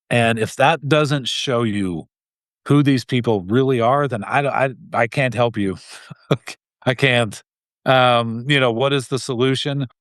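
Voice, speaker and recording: A man's voice: mid-range voice, measured pace, fairly bright tone, no echo, studio quality. A man speaking as a guest in an interview, earnest and heated, often restarting his sentences and laughing briefly. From Idaho. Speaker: guest, gun rights group president. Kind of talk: casual interview talk.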